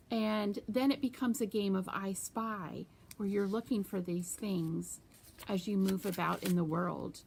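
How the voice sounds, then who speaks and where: A woman children's librarian leading a storytime, reading a story with sound effects and doing hand-motion rhymes. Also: medium pitch.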